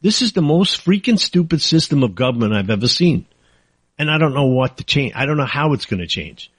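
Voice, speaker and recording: A man's voice: mid-range voice, big pitch swings, normal speed, husky, dry recording. A man hosting a political talk show, ranting angrily and sarcastically in a monologue. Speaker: talk radio host.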